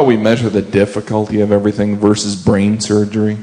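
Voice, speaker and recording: A man's voice: on the low side, monotone, a little fast, warm tone. A man doing observational stand-up, playful and wry, often slipping into goofy voices. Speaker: stand-up comedian. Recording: live show with crowd and noise.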